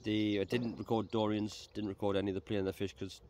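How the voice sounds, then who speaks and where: A man hosting a casual fishing vlog by a reservoir, talking in a relaxed, chatty way. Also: fairly low pitch, quick pace. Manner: chatty, relaxed, repeats words. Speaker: angler and channel host. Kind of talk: casual outdoor vlog chat. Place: outdoors by a reservoir. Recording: faint outdoor noise. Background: birds and rural ambience.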